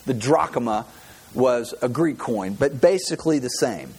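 A male pastor preaching a sermon, telling Bible stories in an animated way and often stringing thoughts together with "and". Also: mid-range voice, measured pace, breathy edge. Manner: animated, storytelling, with many repeated "and"s.

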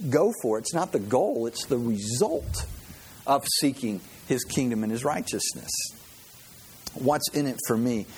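Husky-voiced male pastor preaching. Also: mid-range voice, a little mellow. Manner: conversational preaching with rhetorical questions. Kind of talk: sermon.

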